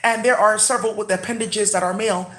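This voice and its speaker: A woman's voice: medium pitch, steady tone, fast talker, fairly bright tone, roomy sound, close to an everyday voice. A woman voicing a bewildered otherworldly being who asks stiff, formal, puzzled questions.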